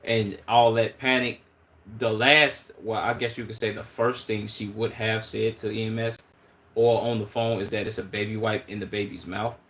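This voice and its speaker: Male streamer, Chicago accent, lowish voice, loose slangy commentary that thinks out loud. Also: moderate pace. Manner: relaxed, thinking aloud with slang and restarts. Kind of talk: casual live-stream commentary.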